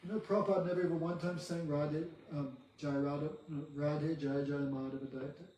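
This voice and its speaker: A man's voice: fairly high pitch, steady tone, brisk, warm tone, recorded from a distance, slight background noise. A man giving a devotional class, asking rhetorical questions and often checking in with "no?". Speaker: spiritual teacher. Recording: echoey room, voice from afar, faint music.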